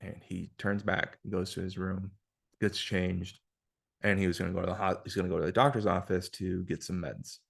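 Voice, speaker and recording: Man, podcast host, deep voice, casual blunt storytelling. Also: flat delivery, moderate pace, creaky, breathy edge. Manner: frank, profane, filler-heavy retelling. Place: indoor room with guest. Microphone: single shared microphone.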